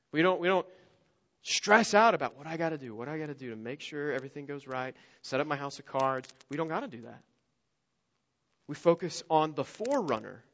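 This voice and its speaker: A man preaching a sermon as a pastor, swinging between quiet, intimate asides and loud, emphatic lines, acting out the voices in his stories. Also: fairly high pitch, in a large hall, highs cut off. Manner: acts out quoted voices in story-telling.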